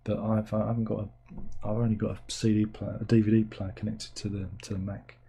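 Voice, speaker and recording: A man's voice: on the low side, level tone, a little fast, vocal fry, mellow, slightly rough. A middle-aged man, hosting a livestream in casual chat. He rambles and mocks himself as he reads out viewers' comments. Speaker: livestream host.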